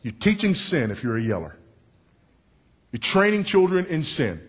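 Husky-voiced preacher man with a big voice. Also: very animated, normal speed. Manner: emphatic, swinging from loud to low for effect; confessional and wry, working the crowd. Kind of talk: sermon.

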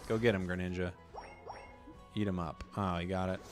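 A man's voice: low-pitched, moderate pace, soft background music. A man giving casual, joking commentary while playing a video game, ranting at teammates. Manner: joking, animated, rants at teammates. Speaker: gaming streamer.

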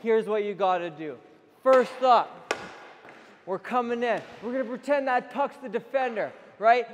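A young man coaching a goalie on the ice, energetic and playfully teasing between drills, recorded in an indoor rink. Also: very high voice, unhurried. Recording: echoey rink with faint noise.

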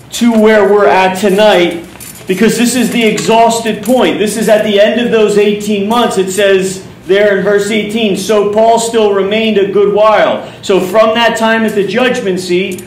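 A man with a Philadelphia accent preaches in a loose, conversational way, repeating words as he retells scripture. His voice sits high for a man. It is caught from a distance in a roomy hall with faint background noise. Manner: conversational teaching, paraphrasing scripture with repetitions. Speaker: pastor. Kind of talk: sermon. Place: church hall. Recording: echoey hall from far off.

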